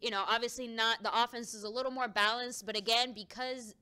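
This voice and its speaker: A woman co-hosting a casual live-stream sports chat, chatty and thinking out loud as she gives her opinions. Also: on the high side, fairly even intonation, a little fast, clean tone. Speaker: fan show co-host.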